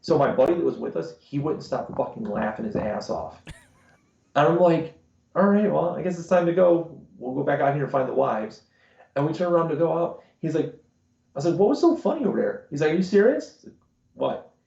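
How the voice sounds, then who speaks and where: A man's voice: a little high, normal speed, vocal fry, darkish tone. A man co-hosting a podcast, swearing freely as he tells stories in casual chat. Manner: crude, swearing storyteller. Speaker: podcast co-host. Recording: dull, roomy live-stream audio.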